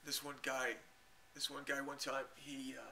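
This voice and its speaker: A man telling a long rambling story to his camera, halting and repeating himself and chuckling often. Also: medium pitch, completely flat delivery, sharp tone, slight background noise. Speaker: video blogger.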